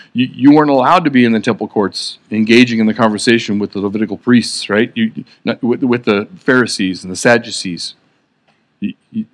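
A man giving a sermon in an earnest, conversational way, often restarting his sentences. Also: mid-range voice. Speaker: preacher.

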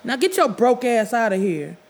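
A woman voicing a brash, crude male barber who talks in a loud, jeering, profane way. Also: a little high, very animated, moderate pace, pitched above the performer's own voice, poor audio.

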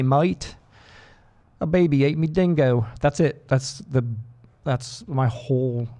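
A male radio DJ talking casually between songs in a studio. His voice sits at an ordinary mid pitch, and he rambles in a friendly way with self-deprecating asides. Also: dark tone. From Boston area. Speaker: radio DJ host. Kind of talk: casual on-air chat.

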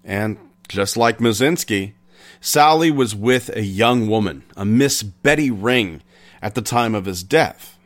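A man hosting a podcast, retelling an old crime story in an unhurried, conversational way with pauses. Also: on the low side, animated. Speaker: podcast host.

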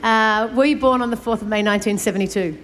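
A woman's voice: fairly high pitch, quick pace, fairly bright tone, a little hiss or hum. A woman hosting an interview, asking playful questions in a teasing, upbeat way.

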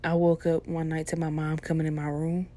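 A woman's voice: low-pitched, completely flat delivery, a little fast, mellow. A young adult woman telling a personal story in a casual, laid-back and profane way.

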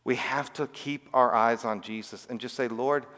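Preaching to children, a pastor keeps things conversational and casual, sprinkling in "all right?" and "right?" to check in. He speaks at normal speed with medium pitch, fairly even intonation and a fairly bright tone, and the recording has a long reverb tail.

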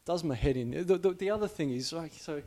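A rambling Australian man rants away in casual, profane talk, tripping over his own restarts in exasperation. His voice sits a little higher than most men's. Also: animated, brisk, warm tone. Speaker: podcaster. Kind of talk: casual rant.

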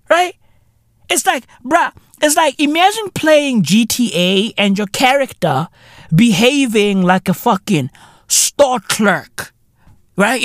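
A woman hosts her podcast with a profane, incredulous comedic rant. Her voice sits fairly high and swings widely in pitch. The sound is dry and close to the mic. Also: dry recording. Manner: profane, incredulous ranting with frequent slang tags. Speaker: podcast host.

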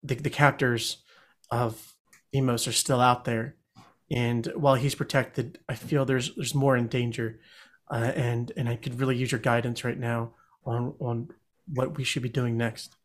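Guy voicing a worried adventurer praying quietly, halting, mid pitch. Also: level tone, lightly acted. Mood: earnest. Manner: hesitant, halting, with restarts.

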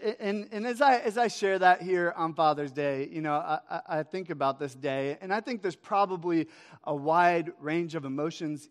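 A man in his thirties preaching a Father's Day sermon, telling a story with quick swings between loud and hushed. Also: high-pitched. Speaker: pastor. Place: church hall. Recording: echoey hall reverb.

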